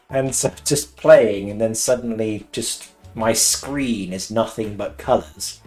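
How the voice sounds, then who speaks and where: A man from England's West Country chatting casually while streaming a game, excitable, laughing often and swearing now and then. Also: lowish voice, slow pace, hardly any pauses. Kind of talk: casual live-stream chat while gaming. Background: faint cheerful game music.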